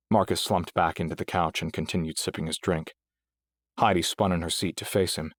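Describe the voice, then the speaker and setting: A man narrating a science fiction audiobook in a steady, even storytelling manner. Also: sits low, a little fast, no room sound, studio quality. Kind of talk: scripted narration.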